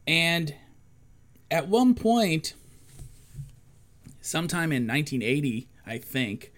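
A man's voice: on the high side, big pitch swings, takes it slowly, fairly bright tone. A man in his forties co-hosting a casual chat, rambling through a story with plenty of fillers and restarts. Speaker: podcast co-host.

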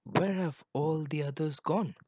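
A man voicing a big, gentle male elephant in a children's story, speaking softly and politely. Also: on the high side, measured pace, no room sound, highs cut off, voice pushed up. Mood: content. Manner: soft-spoken, polite.

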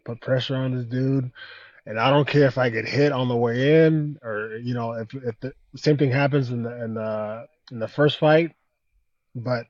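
A man as a podcast guest in casual conversation, halting and reflective, filling pauses with "man" and "you know.". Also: mid-range voice, a little mellow, no echo, highs cut off. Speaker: guest fighter.

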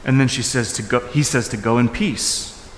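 A man's voice: moderate pace, slight background noise. Man preaching in an echoey hall. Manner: animated, swinging from loud high emphasis to soft low asides; informal, with fillers and restarts. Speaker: pastor. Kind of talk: conversational sermon. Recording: echoey hall with long reverb.

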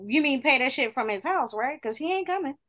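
A woman's voice: sits high, animated, a little fast, a bit bright. A woman co-hosting a podcast, chatting casually in a blunt, profane, emphatic way. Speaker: podcast co-host. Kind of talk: casual chat.

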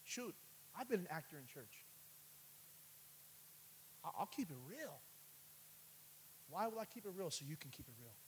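Male preacher, sermon, high voice, calls for amens, soft asides then loud climaxes. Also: big pitch swings, moderate pace, long pauses, slight background noise, rough recording. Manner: calls for response with "amen" and "catch this".

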